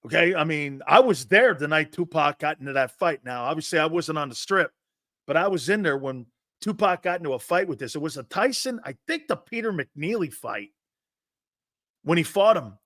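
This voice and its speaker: A man's voice: a little high, lively intonation, normal speed, fairly bright tone, no room sound, clean studio sound. A man in his fifties hosting a sports talk show, telling rambling anecdotes with restarts and the odd curse word. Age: 50s. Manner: rambling, digressive, with restarts and profanity. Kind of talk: casual anecdotal storytelling monologue.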